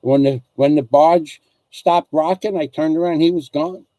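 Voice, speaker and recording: A middle-aged man tells a long, rambling story in a casual chat, circling back and repeating phrases as he goes. His voice sits a little high for a man. The recording is dry and close, with no room sound. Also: steady tone, normal speed, mellow, no room sound. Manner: rambling, repeats himself while telling stories. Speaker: host reading viewer comments.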